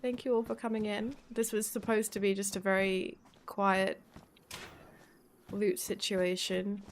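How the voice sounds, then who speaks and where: A woman's voice: medium pitch, little pitch movement, unhurried, a little hiss or hum. A woman from the English Midlands with a Midlands accent, chatting casually on her live stream, swearing freely and laughing often.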